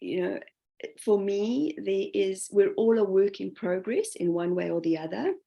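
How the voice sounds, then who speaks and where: Female interview guest, mid-pitched, gravelly fry, reflective and chatty. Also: measured pace, warm tone. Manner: reflective, full of fillers and quoted self-talk. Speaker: guest spirit medium. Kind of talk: casual interview conversation.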